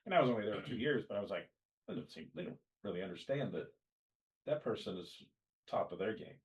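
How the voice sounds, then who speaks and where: Lively man at a distant mic. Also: on the low side, fast. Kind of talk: casual chat.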